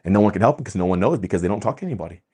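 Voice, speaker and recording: A man giving an impassioned, preachy monologue as the host of his own channel. He talks emphatically, swinging between loud bursts and quiet asides. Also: lowish voice, lively intonation, very fast, slightly rough. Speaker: vlogger host.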